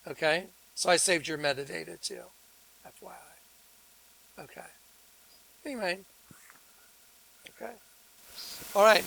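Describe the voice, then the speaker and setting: A man delivers a combative, sarcastic rant straight to his viewers. His voice sits high, with a gravelly edge and a bright, tense tone. He leans on preachy religious phrasing and hammers the same points over and over. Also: rough recording. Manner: sarcastic, combative, repeats himself. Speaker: video host. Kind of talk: ranting monologue to camera.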